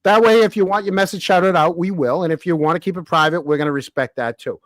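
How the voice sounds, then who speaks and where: A man's voice: high voice, no echo. A man hosting a podcast, interviewing a guest in casual chat and teasing him with jabs. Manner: teasing, quick with jabs and questions. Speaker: podcast host.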